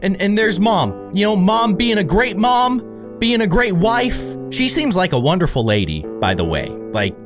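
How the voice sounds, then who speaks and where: A man giving exclaiming let's play commentary as a gaming YouTuber. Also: a little high. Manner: animated, exclaiming reactions.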